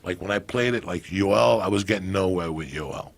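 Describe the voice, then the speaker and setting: A man in his fifties from a Cuban family, telling profane, animated stories as a podcast guest. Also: deep voice, moderate pace, creaky. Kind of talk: casual storytelling.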